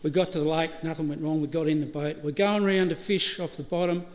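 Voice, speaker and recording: His voice is on the high side and a little mellow, holding a steady tone at a fairly quick pace. He's a middle-aged Australian man telling stories in a chatty eulogy at a funeral, laughing and restarting now and then, recorded via live stream with hall reverb.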